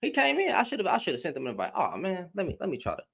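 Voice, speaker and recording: A man hosting a livestream with a high, lively voice that swings all over. He talks heatedly and confrontationally, firing questions back at people. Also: fast, creaky, slightly rough. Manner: confrontational, animated. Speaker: livestream host.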